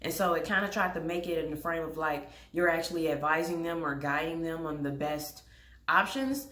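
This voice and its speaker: A woman's voice: sits low, moderate pace, fairly bright tone, roomy sound. A young woman telling a story to camera in a blunt, exasperated way, swearing freely. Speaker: vlogger.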